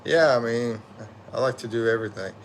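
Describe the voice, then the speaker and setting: A medium-pitched man speaks briskly, with a little hiss or hum on the recording. He's a tired middle-aged livestream host from the USA, chatting casually through viewer comments in a rambling, slangy, self-correcting way.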